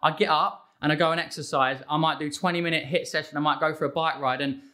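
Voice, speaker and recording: A man with a bright, forceful voice and a slightly high pitch who rattles along at speed. He is a fitness trainer in a relaxed interview conversation, excitable and emphatic, and he tumbles from one thought into the next. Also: quick pace.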